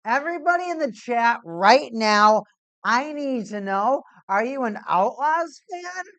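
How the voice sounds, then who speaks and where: A woman's voice: a little high, lively intonation, a little slow, a bit bright, no room sound, highs cut off. A woman hosting a casual hockey watch-party stream, rambling and joking and repeating herself as she chats to viewers. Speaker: livestream host.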